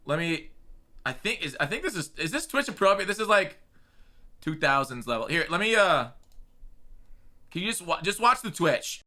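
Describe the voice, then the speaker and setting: A man's voice: high-pitched, big pitch swings, normal speed, long pauses, pushed and bright. A man hosting a casual podcast, talking with many stumbling restarts. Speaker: podcast host.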